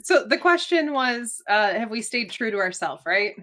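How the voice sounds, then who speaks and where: A woman's voice: a little high, big pitch swings, normal speed, a bit bright. A woman streamer on a casual podcast panel, speaking reflectively and candidly.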